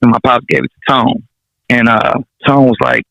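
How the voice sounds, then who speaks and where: Laid-back Los rapper telling stories. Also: male voice, mid-range voice, steady tone, moderate pace, bright, forceful tone, dry recording. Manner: laid-back, slangy and profane, chuckling through anecdotes. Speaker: rapper guest. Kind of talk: casual storytelling interview. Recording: dull, dry sound.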